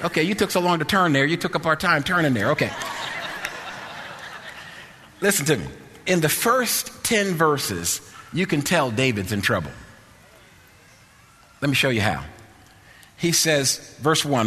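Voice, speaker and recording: A man preaching in a large hall, his bright, somewhat high voice ringing with long reverb. He tells stories with quoted dialogue and repeats key phrases for emphasis. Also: animated, moderate pace. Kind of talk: sermon.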